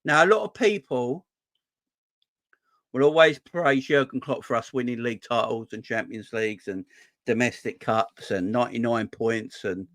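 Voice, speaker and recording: A man's voice: medium pitch, normal speed, fairly bright tone, no echo, clean studio sound. A man hosting a football fan channel, giving a rambling casual opinion monologue that repeats phrases and keeps checking with "yeah?" and "right?".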